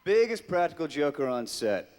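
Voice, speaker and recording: A middle-aged man telling an animated story to a convention audience, jumping into high squeaky voices to act out the people in it. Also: moderate pace. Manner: animated, mimics voices in his anecdote. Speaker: convention guest actor. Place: large convention hall. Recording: long hall reverb.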